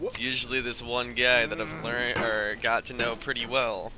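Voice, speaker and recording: A man's voice: mid-range voice, little pitch movement, moderate pace, noisy background. A man streaming a video game, rambling through jokey stories and laughing often as he plays. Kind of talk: casual gameplay commentary. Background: game music.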